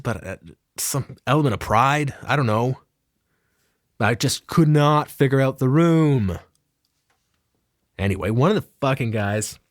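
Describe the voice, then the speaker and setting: A man's voice: mid-range voice, dry recording, studio quality. Profane rambling man telling a story. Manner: profane, rambling, self-mocking. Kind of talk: casual comic storytelling.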